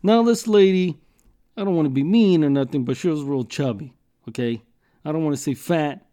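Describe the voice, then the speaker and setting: A man's voice: on the high side, normal speed, warm tone. A man hosting a podcast, telling rambling jokey stories in a casual, profane way. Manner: profane, rambling, joking storyteller. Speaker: podcast host.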